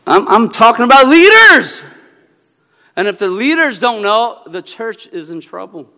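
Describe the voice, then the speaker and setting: A man who is a Presbyterian minister, giving a humorous sermon talk with animated storytelling, bursts of exclamation and laughter. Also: very high-pitched, unhurried. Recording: long reverb of a large hall.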